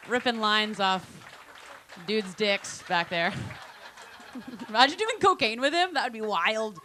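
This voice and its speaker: Female stand-up, bright lively voice, slow crude banter, faint room noise. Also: mid-range voice. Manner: laughing, crude banter with the crowd. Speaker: stand-up comic. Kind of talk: stand-up crowd work. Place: comedy night venue with live audience.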